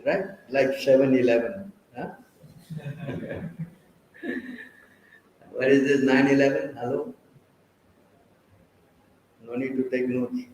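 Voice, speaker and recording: Man, preacher, scripture class, quizzing teasing manner, slow, slightly high voice, distant mic, very echoey hall. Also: fairly even intonation, darkish tone, slight background noise. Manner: quizzes and teases listeners.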